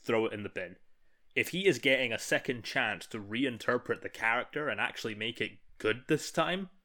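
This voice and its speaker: A man's voice: medium pitch, expressive, normal speed, bright, forceful tone. A man with a mid-range voice co-hosts a casual film podcast. He is blunt and opinionated and swears freely as he talks. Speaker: podcast co-host.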